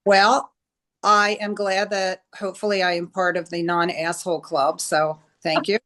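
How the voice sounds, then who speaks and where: A woman's voice: fairly low pitch, little pitch movement, normal speed, fairly bright tone. A woman talking as a guest on a group talk show, earnest and upbeat. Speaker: guest attorney. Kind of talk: casual group chat.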